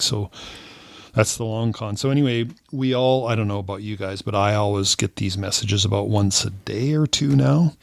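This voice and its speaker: An older man co-hosting a casual podcast chat, telling stories and mimicking text messages in a high mocking voice. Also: vocal fry, no room sound, clean studio sound. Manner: reads scam texts aloud in a high mocking voice. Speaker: podcast co-host.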